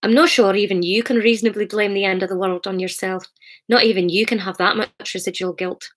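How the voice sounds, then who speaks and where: A woman playing a gentle Scottish man. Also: sits high, fairly even intonation, a little fast. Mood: reassuring. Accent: attempted Scottish. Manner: soft, reassuring.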